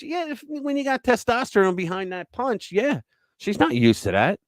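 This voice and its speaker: A man hosting a casual political chat show, talking bluntly and crudely with lively storytelling. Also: sits high, normal speed, no room sound. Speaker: show host.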